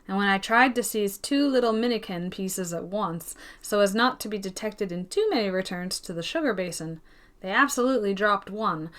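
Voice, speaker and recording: A woman narrating a classic novel in a calm, measured storytelling voice. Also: mid-range voice. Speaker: audiobook reader. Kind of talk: scripted narration.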